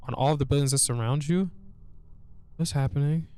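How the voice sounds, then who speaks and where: A man's voice: fairly high pitch, a little fast, warm tone, clear, resonant tone. A man playing a narrative game, reading its text aloud and reacting with frequent laughter and swearing. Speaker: gameplay streamer. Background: background guitar music.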